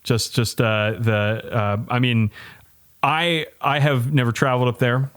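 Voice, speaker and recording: Podcast co-host: man, middle pitch, halting then quick, casual. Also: fairly even intonation, a bit bright, smooth. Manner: hesitant, many restarts, then rushing. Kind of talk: casual chat.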